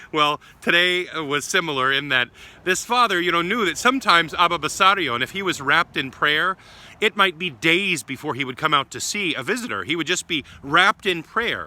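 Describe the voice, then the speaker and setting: A priest tells a saint's story in a short homily, gentle and affectionate in manner. His voice is very bright and sharp, pitched a little above most men's. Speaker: Orthodox priest. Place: church grounds.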